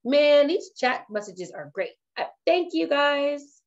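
An excitable woman chatting her way through a live tutorial, her voice bouncing up and down as she giggles at her own ideas. She speaks slowly and brightly from a higher register. The stream audio sounds dull and lo-fi. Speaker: trainer hosting a live session. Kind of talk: casual livestream tutorial.

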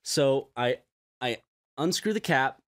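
A man's voice: medium pitch, expressive, slow pace, no room sound. A young man co-hosting a casual chat, telling stories in a rambling way with many stops and restarts. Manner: rambling storyteller, full of fillers and restarts. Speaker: podcast co-host.

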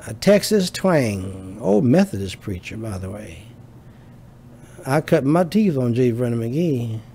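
A man's voice: medium pitch, very animated, a little slow, warm tone, slight background noise. A man preaching a sermon as pastor, building emphasis through repetition.

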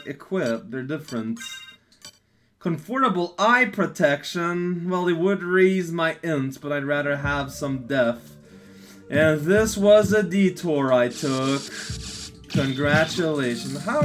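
Slow, rambling man over game music. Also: on the high side, fairly bright tone. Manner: rambling, jokey, self-mocking. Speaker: let's play commentator. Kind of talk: playthrough commentary. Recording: game music playing behind.

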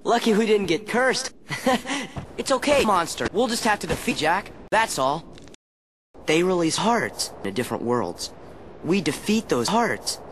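A man's voice: high voice, measured pace, slight background noise, exaggerated voice. Eager teenage boy hero. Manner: eager, excitable, lively. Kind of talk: video game dialogue cut into a comedy edit. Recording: game audio with music behind.

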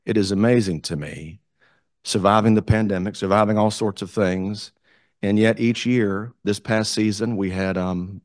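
A man with a Southern US accent, a community theater director telling animated stories as a guest speaker at a club meeting. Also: lowish voice, no echo, studio quality. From South Carolina, US. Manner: animated, enthusiastic storyteller. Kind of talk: storytelling talk to a club.

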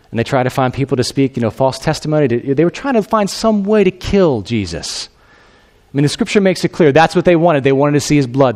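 A man preaching a sermon as a pastor, retelling a story conversationally and acting out the voices of its people. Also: mid-range voice. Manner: animated, acts out the quoted figures in a raised voice; conversational, with asides to the congregation.

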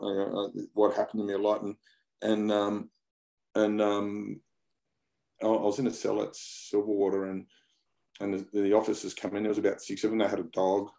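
Gravelly low Australian man, rambling. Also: mellow. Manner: rambling, repeats words, blunt slang. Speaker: interview guest. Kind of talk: casual conversation.

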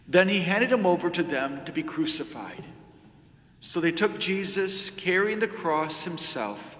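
A man serving as lector, giving a measured, solemn liturgical scripture reading in a church. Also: sits high, lively intonation, pushed and bright. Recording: echoey church with long reverb.

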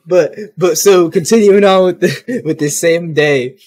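Young man, slightly high voice, podcast co-host, laughing, animated storytelling. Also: unhurried. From North Carolina. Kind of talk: casual chat.

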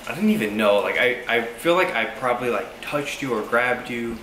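A young man animatedly telling a funny story with his wife, laughing and acting out the yelling. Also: mid-range voice, normal speed. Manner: animated, laughing, acts out yells. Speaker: vlogger, husband. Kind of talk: casual storytelling. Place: home kitchen. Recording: echoey room with background noise.

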